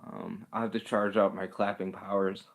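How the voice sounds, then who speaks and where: Man, low voice, streamer host, casual chat, rambling, self-deprecating, chuckling. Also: flat delivery, normal speed. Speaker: livestream host. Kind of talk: casual chat reading live comments.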